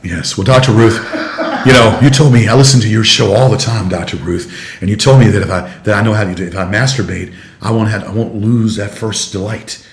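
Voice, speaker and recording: A man's voice: fairly low pitch, steady tone, a little fast, vocal fry, echoey room, slight background noise. An older man hosting a bawdy comedy talk show, rambling and chuckling with crude jokes. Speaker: host.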